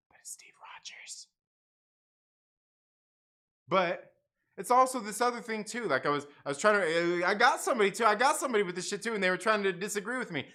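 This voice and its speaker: This is a young guy on a casual stream, going through chat and frequently breaking into laughter. His volume jumps from loud outbursts down to low asides.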